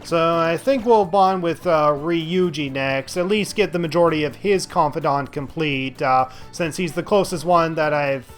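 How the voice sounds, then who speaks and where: A man's voice: fairly high pitch, moderate pace, hardly any pauses, faint music behind. A man giving casual gameplay commentary as a let's play host, sarcastic and thinking aloud with lots of fillers.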